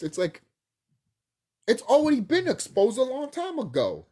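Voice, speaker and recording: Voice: medium pitch, wildly swooping pitch, fairly quick, mellow. A young adult vlogger talking casually to camera in a profane, rambling rant full of fillers.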